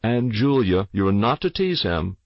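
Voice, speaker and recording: A man's voice: on the low side, very animated, a little slow, no echo, muffled recording. A man reading a storybook voices a stern, dismissive father who gives curt orders.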